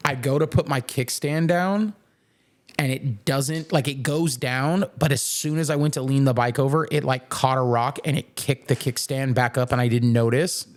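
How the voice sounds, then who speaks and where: A man's voice: medium pitch, steady tone, normal speed. A young man hosting a podcast, telling a rambling, profane story with plenty of swearing and laughter. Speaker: podcast host. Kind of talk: casual chat, storytelling.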